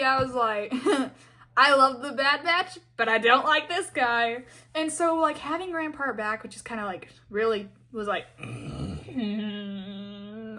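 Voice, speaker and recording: A woman's voice: high-pitched, sharp tone. A young woman giving a casual, exasperated fan rant full of fillers and acted-out quotes. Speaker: fan commentator.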